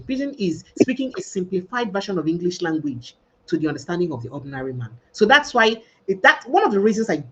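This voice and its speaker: A woman's voice: lowish voice, slightly rough, dull audio. A Nigerian woman hosting a podcast livestream, talking emphatically and mixing Pidgin with English. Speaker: podcast host. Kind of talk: casual livestream discussion.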